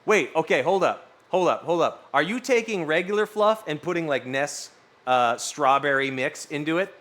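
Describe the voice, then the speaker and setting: A man's voice: on the high side, moderate pace. A man casually chatting with his stream audience, rambling through stories and swearing freely. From US West Coast. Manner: animated, swearing, rambling storytelling. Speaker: streamer reading chat. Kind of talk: casual live-stream chat.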